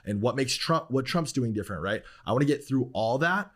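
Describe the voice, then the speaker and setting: A man's voice: mid-range voice, animated, a little fast, a bit bright. A man hosting a podcast, speaking in an earnest, soothing way. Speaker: podcast host. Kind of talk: podcast talk.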